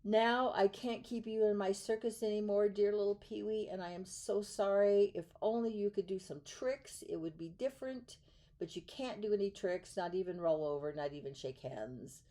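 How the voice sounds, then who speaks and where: A woman voicing a soft-hearted male circus owner who speaks in a raised, emotional way. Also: mid-range voice, animated, a little slow, close to an everyday voice. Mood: sorrowful.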